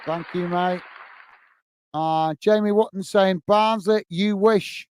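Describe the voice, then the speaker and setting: A faint crowd can be heard as a man with a high, steady, darkish voice, clear and resonant, hosts a football live stream slowly. He's casual, reads viewer comments, keeps saying "mate," and often uses fillers and restarts sentences.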